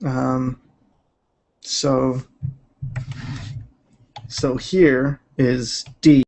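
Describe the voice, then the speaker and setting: Slow, gravelly laid-back man. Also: mid-range voice, little pitch movement, a little mellow. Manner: laid-back, rambling, many fillers. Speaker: digital artist streaming. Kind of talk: casual livestream chat while drawing.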